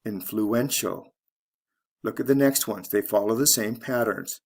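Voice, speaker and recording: A man teaching English pronunciation, explaining word stress slowly and deliberately and spelling out letters one by one. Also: lowish voice, vocal fry, a little mellow, slightly rough. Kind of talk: slow instructional explanation.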